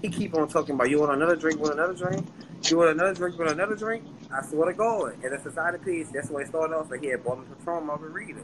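New guy telling a wild story, cussing, a little high voice, loud noise and cars behind him. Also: very fast. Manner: animated and profane, acts out other people's lines. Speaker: interview guest. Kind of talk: casual storytelling.

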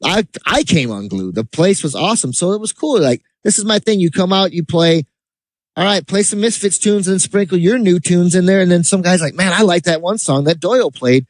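A man co-hosting a casual podcast chat, telling rambling, animated stories with laughs. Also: high voice, a little fast, no echo. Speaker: podcast co-host.

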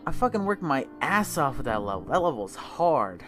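High-pitched man raging over a game. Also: big pitch swings, normal speed, fairly bright tone. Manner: angry profane ranting, frequent cursing. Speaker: gamer. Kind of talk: gameplay commentary. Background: game music.

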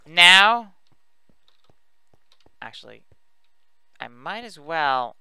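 A man's voice: fairly high pitch, lively intonation, slow pace, pauses often, sharp tone, clear, resonant tone. A man giving casual, rambling commentary while building in a video game, chatty and self-mocking as he talks to his viewers. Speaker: let's play host.

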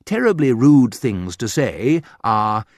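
A man reading a humorous graded reader aloud in a wry, deliberate storytelling manner, with a sudden lift in pitch for quoted remarks. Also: very animated, no room sound, studio quality. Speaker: audiobook narrator.

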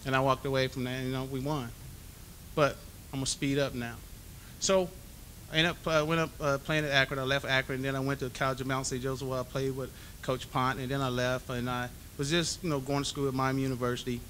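A man delivers a hall of fame acceptance speech, telling his stories with lively acted-out dialogue. His voice is bright and forceful. A faint low rumble sits behind him. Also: brisk. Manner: animated storyteller acting out dialogue. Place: banquet hall.

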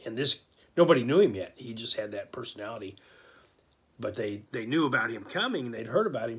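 A man tells a casual anecdote straight to the listener, lively and full of fillers as he acts out what people said. His voice is husky, a bit breathy, and sits at an average pitch for a man. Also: a little fast. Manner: animated, acts out quotes, many fillers. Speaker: storyteller.

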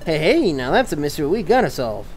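A gamer voicing a brash, excitable crab creature that keeps repeating "hey, hey.". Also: mid-range voice, fast talker, slight background noise, close to an everyday voice. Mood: excited.

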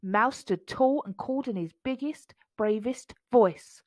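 A woman reading a children's picture book aloud in a slow, playful and expressive way. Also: on the high side, dry recording, highs cut off. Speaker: storybook reader.

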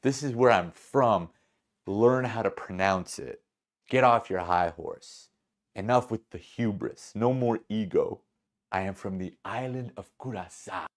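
A man playing a calm charismatic guy from Curaçao, measured, firm, low voice. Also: natural voice.

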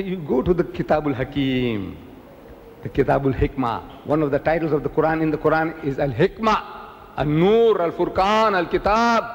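A man's voice: in a large hall, slight background noise. A man from South Africa giving a public lecture as a preacher, acting out the voices he quotes with big swings in his delivery. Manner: animated, acts out quoted dialogue with big pitch swings.

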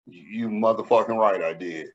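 A man co-hosting a podcast, telling stories in a profane, animated way during casual banter. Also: lowish voice, moderate pace, highs cut off. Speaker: podcast co-host.

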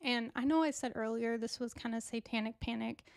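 A woman's voice: a little high, a little fast, creaky, dry recording, clean studio sound. Chatty woman hosting a podcast. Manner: chatty and casual, with asides to listeners. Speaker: podcast host. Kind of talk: true crime podcast narration.

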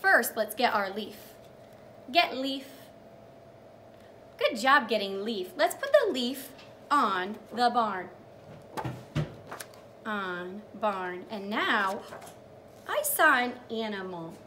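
Sing-song teacher woman, lively pitch. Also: a little hiss or hum. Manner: sing-song, encouraging, praising each step; drawn-out storytelling with animal sounds. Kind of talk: reading a picture book to young children.

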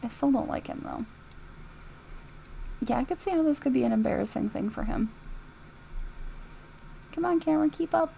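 Giggly gamer girl doing chatty mod commentary, kinda high voice, bit of vocal fry. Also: normal speed, long pauses, a little hiss or hum, rough recording. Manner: chatty and giggly, reacting out loud to the game. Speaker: YouTuber reviewing game mods. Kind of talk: casual gameplay commentary.

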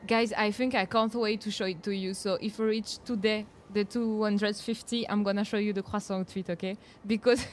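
A woman's voice: medium pitch, moderate pace, slight background noise. A young woman with a French accent chatting casually to viewers while streaming a video game, giggling often and reacting aloud. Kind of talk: casual live-stream chat.

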